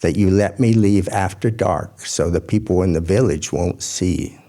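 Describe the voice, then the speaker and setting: A man voicing a kind, sad old mother in a told folk tale, speaking gently and soothingly. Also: low-pitched, unhurried. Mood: sorrowful.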